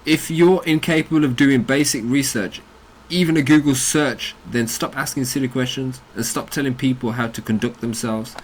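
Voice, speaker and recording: British man, blunt ranting commentary, mid-pitched voice, faint background hum. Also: steady tone, moderate pace. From United Kingdom. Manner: blunt, combative, swearing. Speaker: crypto channel host.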